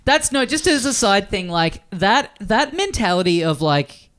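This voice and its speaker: A man's voice: high voice, big pitch swings, unhurried, a bit bright, clear, resonant tone. An Australian man in his thirties hosting a podcast, telling self-deprecating stories in casual chat and swearing freely. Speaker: podcast host.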